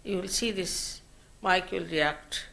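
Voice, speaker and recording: A woman teacher giving a slow, measured spiritual lecture at a public program, her phrases trailing off softly. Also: on the low side, gravelly. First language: Marathi.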